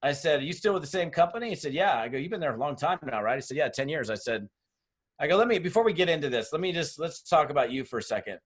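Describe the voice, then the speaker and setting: A man's voice: on the high side, expressive, fast talker, breathy edge. A middle-aged man giving blunt, tough business training on a webinar, telling stories with acted-out dialogue. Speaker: network marketing trainer. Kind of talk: motivational webinar talk. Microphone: webinar mic.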